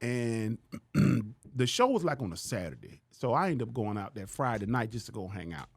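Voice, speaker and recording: A comedian from Louisiana, telling a story on a podcast. His pitch leaps all over as he acts out each person. The sound is dry and close to the mic. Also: moderate pace, breathy edge, no room sound. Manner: animated, slangy, acts out the people he quotes. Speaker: comedian guest.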